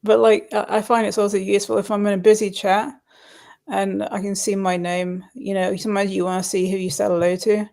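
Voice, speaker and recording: A woman chatting on a livestream in a friendly, easygoing way. She repeats words while she hunts for the right one. Her voice has a strong vocal fry, and her pitch sits in the middle. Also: level tone, fairly quick, mellow. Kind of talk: casual chat on a livestream.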